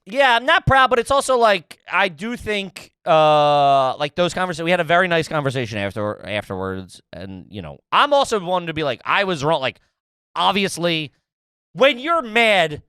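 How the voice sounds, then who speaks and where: A man's voice: on the high side, big pitch swings, normal speed, sharp tone, clean tone, dry recording. A man co-hosting a podcast, telling a story in casual chat, swearing a lot and full of animation. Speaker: podcast co-host.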